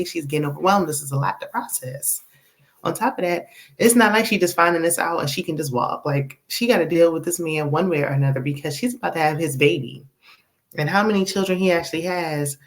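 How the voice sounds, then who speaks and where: Sassy woman recapping a TV episode. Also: lowish voice. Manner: animated, sassy, acts out characters' lines with laughs. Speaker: TV recap host.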